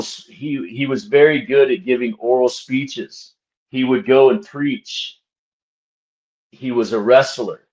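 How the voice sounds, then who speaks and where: A man's voice: mid-range voice, muffled recording. A man commenting casually to camera, hammering points with repeated rhetorical questions and a mock-preacher tone toward his viewers. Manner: emphatic, repetitive, rhetorical questions, frequent "right?". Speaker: channel host discussing a book.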